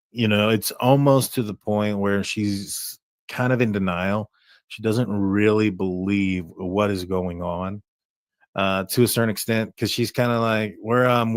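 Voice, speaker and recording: A man hosting a true crime livestream, talking through a case in a halting way with many fillers and restarts. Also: on the low side, no echo. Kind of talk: casual commentary on a case.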